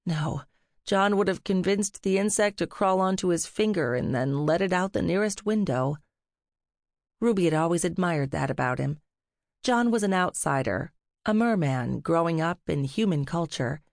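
A woman narrating an audiobook in a measured, somber way. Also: lowish voice, expressive, gravelly, no echo, clean studio sound. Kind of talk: scripted narration.

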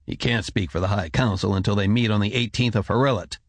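A man voicing the measured, diplomatic head of a scholarly order. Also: lowish voice, no echo. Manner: calm, careful, diplomatic.

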